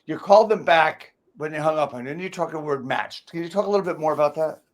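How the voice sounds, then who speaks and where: Blunt New host, a bit high. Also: male voice, fast talker. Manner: blunt, conversational questioning. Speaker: podcast host. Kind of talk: casual podcast interview.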